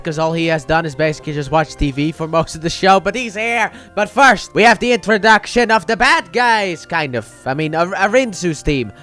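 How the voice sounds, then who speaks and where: Male recapper, high voice, mildly sick, loose and chatty, slips into playful character voices. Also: a bit bright. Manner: chatty, rambling, acts out quotes in playful voices. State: a little sick. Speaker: anime reviewer. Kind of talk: casual episode recap.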